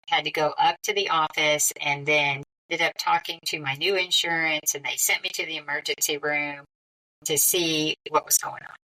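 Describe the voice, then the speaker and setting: A middle-aged woman, a podcast guest, telling a personal story in a lively, conversational way. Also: low voice, distant mic, rough recording. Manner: lively, conversational, with frequent quoted dialogue.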